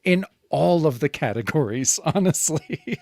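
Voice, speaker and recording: Lively, laughing podcast co-host man. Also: fairly high pitch, a little slow, vocal fry, no room sound. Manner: rambling, swears, laughs a lot. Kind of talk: casual chat.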